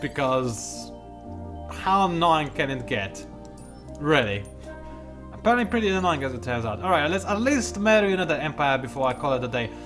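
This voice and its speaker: A man with a slightly high, very lively voice talks through a strategy game in casual, sarcastic commentary. He jokes about himself and often jumps into excited outbursts, while faint music plays behind him. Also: moderate pace. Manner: sarcastic, self-mocking, prone to sudden excited outbursts. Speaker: gaming video creator. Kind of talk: casual let's-play commentary.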